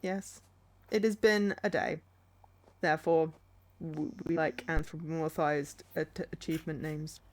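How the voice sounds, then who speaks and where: A woman's voice: low voice, steady tone, unhurried, a little mellow. A young woman streaming a game, chatting playfully and giggling at her finds. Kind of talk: casual game stream commentary.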